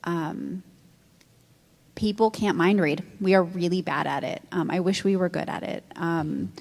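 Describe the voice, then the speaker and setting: A woman couples therapist on a discussion panel, giving measured advice with frequent pauses and ums. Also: fairly low pitch, creaky, a little mellow. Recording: long hall reverb.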